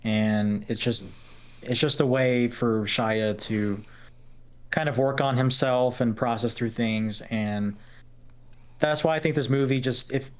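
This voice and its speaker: A man talks through his take on a film with a clean, resonant voice. He is blunt and measured, weighing the good against the bad in casual podcast chat. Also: medium pitch, clean tone. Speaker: podcast co-host.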